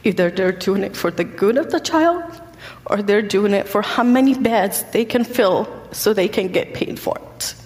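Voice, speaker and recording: A woman's voice: medium pitch, animated, darkish tone. Earnest woman in a reverberant hall. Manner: earnest, halting with frequent fillers. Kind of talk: personal testimony.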